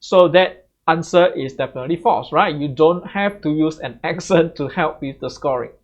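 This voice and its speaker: A man's voice: on the high side, normal speed. A man giving exam tips as a tutor, in a chatty way that keeps checking back with "right?". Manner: conversational, tags sentences with "right?". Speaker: English tutor. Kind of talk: exam tips lesson to camera. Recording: slightly muffled lo-fi audio.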